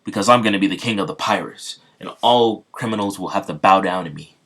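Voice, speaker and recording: A man voicing an excitable, blunt young male pirate in his own everyday voice. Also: low voice, a little fast. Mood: boastful.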